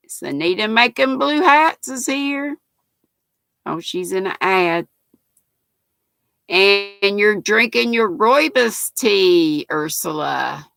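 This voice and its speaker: A woman's voice: a little high, gravelly, fairly bright tone, no echo. An older woman with a North Carolina accent, hosting a livestream in a chatty, folksy way and reading viewer comments aloud. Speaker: livestream host reading chat. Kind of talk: casual chat.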